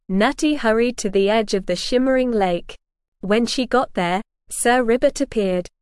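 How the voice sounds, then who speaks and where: Smooth-voiced woman reading a children's story. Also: mid-range voice, dry recording, clean studio sound. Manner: gentle, even read-aloud delivery.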